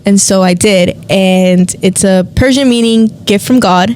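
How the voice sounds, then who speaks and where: A woman's voice: mid-range voice, unhurried, slight background noise. A woman co-hosting a podcast, telling a faith testimony in casual chat and acting out the voices of people she quotes. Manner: animated storyteller, acts out quoted voices. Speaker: podcast co-host.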